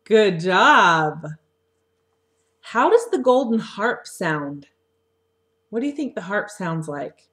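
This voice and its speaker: A woman teacher talking a young class through a story lesson, asking gentle questions, recorded on a webcam microphone. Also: medium pitch, very animated. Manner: slow, coaxing questions to children. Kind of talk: read-aloud lesson for young children.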